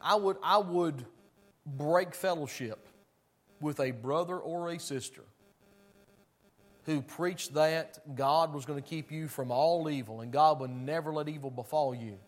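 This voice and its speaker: A man preaching a sermon, emphatic and conversational, swinging between loud declarations and hushed, somber passages. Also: on the high side, unhurried. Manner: conversational asides to the congregation.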